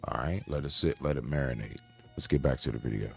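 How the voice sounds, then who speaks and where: Very deep-voiced man ranting to viewers. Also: fast talker, gravelly, soft background music. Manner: preachy, rhetorical questions to viewers. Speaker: commentary streamer. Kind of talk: reaction video commentary.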